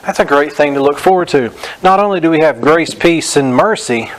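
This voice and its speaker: A man preaching a Bible-teaching sermon, reading scripture slowly and stressing each phrase, then correcting common beliefs in a direct, plain way. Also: fairly high pitch, lively intonation, rough recording. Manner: direct, corrective, frequent "notice". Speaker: pastor.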